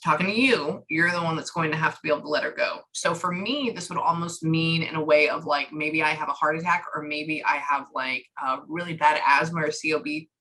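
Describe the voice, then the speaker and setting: A woman giving a psychic reading, relaying a spirit's words in chatty, lively bursts. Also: deep voice, a little fast, few pauses, rough recording. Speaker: psychic medium.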